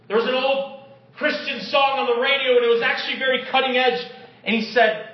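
A male pastor preaching a sermon in a church sanctuary, impassioned and shouting at times, with joking conversational asides. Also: very high voice, level tone, a little fast, recorded from a distance. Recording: echoey, dull room sound.

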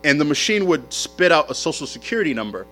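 Animated storytelling pastor, fairly high voice. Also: male voice, fast, faint music behind. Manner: animated storytelling with casual slang. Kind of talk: sermon.

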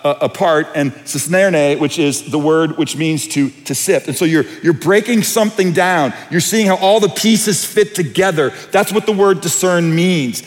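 A man preaching a sermon as pastor, telling stories and acting out quotes in an animated way. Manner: animated storytelling, acts out quotes in high voices. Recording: long reverb of a hall.

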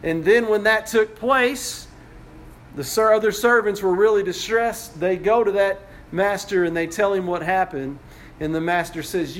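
A man's voice: high-pitched, unhurried, a bit bright, slight background noise. A male pastor preaching a sermon, retelling a story conversationally with frequent restarts.

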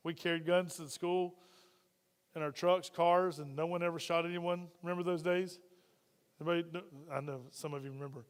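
A pastor delivers a conversational sermon, frequently posing questions to his congregation, and the church hall gives it a long reverb. His voice sits fairly high, with fairly even intonation and a clean tone, and he speaks fairly quickly.

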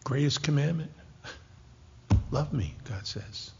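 A man in his sixties preaching a sermon, joking lightly at first and then dropping to a hushed, whispered intensity. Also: medium pitch, takes it slowly, vocal fry, breathy edge. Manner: animated, jokey asides that drop to hushed, whispered intensity. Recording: dull lo-fi recording with long hall reverb.

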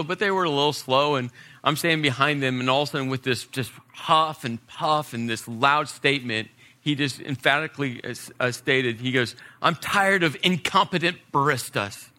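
A middle-aged man delivers a sermon with a bright, forceful tone. His pitch sits in an ordinary middle range, and he climbs to emphatic peaks before falling back to a quiet, soft close. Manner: storytelling preacher, rising to emphasis then dropping soft. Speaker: pastor.

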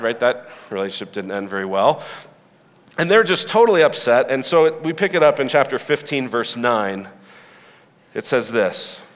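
A man preaching a sermon, retelling a story in a lively, joking way, with asides to the listeners. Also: on the high side, in a large hall. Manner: animated storytelling with asides and humor. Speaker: pastor.

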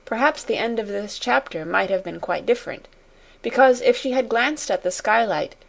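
A woman reading a classic story aloud in a measured, expressive way. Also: mid-range voice, gravelly. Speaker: audiobook narrator. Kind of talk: scripted storybook narration.

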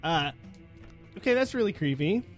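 A man's voice: on the high side, big pitch swings, normal speed, faint music behind. A man reacting in casual chat with short agreeing interjections. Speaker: podcast co-host listening.

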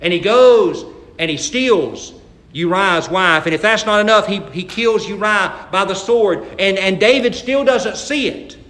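Folksy, animated preacher. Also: male voice, high voice, a little slow, reverberant. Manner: animated preaching, dramatic reading of scripture, folksy asides. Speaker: pastor. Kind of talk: sermon.

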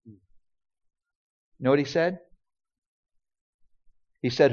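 A man's voice: medium pitch, expressive, measured pace, heavy background noise. A man speaking as a pastor, telling a family story in earnest sermon style and acting out the quoted dialogue. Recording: dull lo-fi recording.

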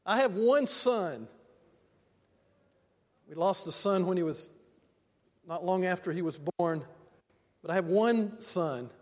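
An older male pastor preaches in a church sanctuary, telling homely stories and drawing out key lines slowly. His voice sits high for a man. A long reverb trails after each phrase. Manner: folksy storytelling preacher, slows for emphasis. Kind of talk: sermon. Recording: long reverb of a large hall.

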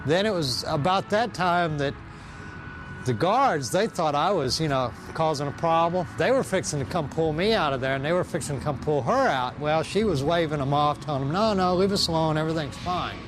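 A man, telling his own story of forgiveness in an earnest, slow way. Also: on the high side, lively intonation, background noise. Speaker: testimony speaker. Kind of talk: personal testimony. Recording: music bed underneath.

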